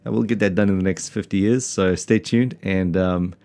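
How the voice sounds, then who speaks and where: Very deep-voiced rambling man. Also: steady tone, moderate pace, dark tone. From South Africa. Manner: rambling, self-mocking, many fillers and restarts. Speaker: podcast host, pastor. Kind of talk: casual podcast chat.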